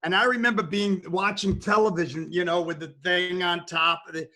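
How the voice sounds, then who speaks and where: A man's voice: sits high, steady tone, a little fast, sharp tone. A man hosting a casual video-call chat with comedians, asking questions and reminiscing. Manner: reminiscing, asks guests questions. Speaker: host.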